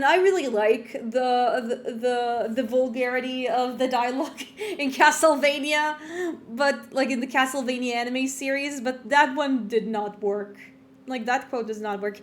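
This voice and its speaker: A young adult woman streamer giving live let's play commentary, rambling and animated with lots of fillers and restarts. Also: high voice, normal speed, slight background noise.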